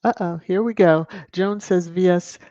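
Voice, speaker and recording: A woman's voice: lowish voice, unhurried, dark tone, no room sound. Chatty woman host, muffled lo-fi sound. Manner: chatty, greets viewers by name, reads comments aloud. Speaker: channel host. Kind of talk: casual livestream chat reading viewer comments.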